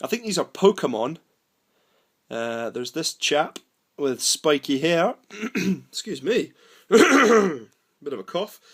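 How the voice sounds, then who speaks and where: Chatty man, fairly high voice. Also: very animated, slow pace, long pauses, husky. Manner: chatty, self-deprecating, rambling. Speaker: toy collector vlogger. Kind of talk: casual unboxing chat.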